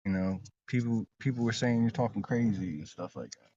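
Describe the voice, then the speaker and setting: A man's voice: lowish voice, a little fast, warm tone, husky, muffled recording. A man talking casually as an interview guest, rambling and insistent, often repeating his words as he tells a long story.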